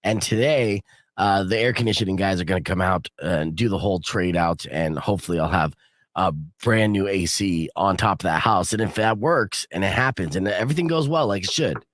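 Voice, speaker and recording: A man's voice: deep voice, fairly quick, no room sound, clean studio sound. A man hosting a casual morning radio show, telling a story and acting out the people in it. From Arizona. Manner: animated storyteller, acts out quotes loudly. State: sick with a cold.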